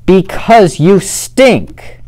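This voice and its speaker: A fluffy female bear who insists loudly and won't back down, voiced by a young male reader, her voice raised well above his own and thinner in tone. She is bossy but kind at heart, a figure from a storybook read aloud. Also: a little high, animated, takes it slowly, pitched above the performer's own voice. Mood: shouting. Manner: insistent, rising to shouts in an argument. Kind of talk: storybook character voice.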